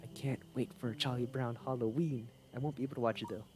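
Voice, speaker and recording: A young man talks through a game livestream in a loose, rambling way, restarting sentences as his thoughts wander. His voice sits at an ordinary middle pitch. Faint music plays underneath. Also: fairly even intonation, fast, a little mellow. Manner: rambling, chatty, self-correcting. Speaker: game streamer. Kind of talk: casual livestream commentary.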